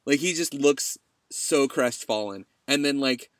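A man's voice: medium pitch, unhurried, no room sound, studio quality. A man hosting a podcast in casual chat, telling stories animatedly and laughing along the way. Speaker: podcast host.

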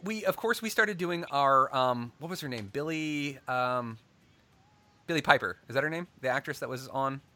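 A man's voice: mid-range voice, moderate pace, sharp tone. A man hosting a casual podcast chat, telling stories animatedly and laughing often.

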